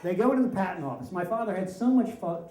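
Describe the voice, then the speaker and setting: A man's voice: sits high, fast talker. Wry male storyteller in a roomy hall. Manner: wry, animated storytelling with voiced quotes. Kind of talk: live story slam telling. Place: stage in a room with an audience.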